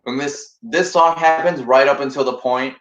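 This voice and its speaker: A man hosting a casual livestream, explaining things in a relaxed way. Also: mid-range voice, moderate pace. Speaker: livestream host. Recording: dull, echoey room sound.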